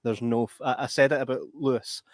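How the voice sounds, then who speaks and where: A man's voice: medium pitch, steady tone, a little fast, no echo. Emphatic man, dry sound. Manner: emphatic, repeats himself for stress. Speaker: podcast co-host. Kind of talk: casual chat.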